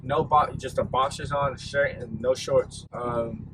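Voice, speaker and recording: A young man rambles through a storytime vlog in a laid-back way, packing his talk with fillers. His voice is medium-pitched and steady, moving at a measured pace, and background noise is audible.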